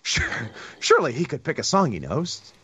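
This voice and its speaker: A man's voice: fairly high pitch, wildly swooping pitch, normal speed, bright, forceful tone, slightly rough, no room sound. A man co-hosting a podcast, laughing and sarcastic, incredulous at the clips in casual chat. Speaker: podcast co-host. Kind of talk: casual comedic commentary.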